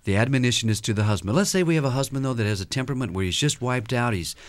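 A man's voice: medium pitch, lively intonation, rapid-fire, no echo. A man speaking as a guest counselor on a radio talk show, earnestly explaining with examples and acted-out quotes. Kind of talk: radio interview, teaching with examples.

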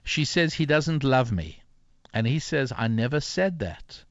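A man's voice: mid-range voice, animated, unhurried, dry recording. Older male author as interview guest, reflective storyteller, dry dull audio. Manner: reflective, many fillers and restarts.

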